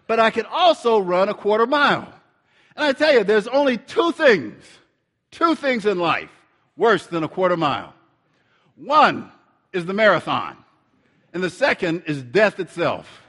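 A middle-aged man preaching, telling a lively story and acting out the dialogue. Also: high voice, measured pace, in a large hall. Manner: animated storyteller, acts out dialogue. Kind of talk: storytelling sermon.

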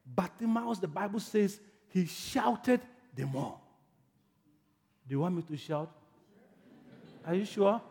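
Dramatic male preacher from Africa, high husky voice, very lively, long hall echo. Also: slow, long pauses. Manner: dramatic storytelling, swings from hushed to shouting. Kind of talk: sermon. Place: church in America.

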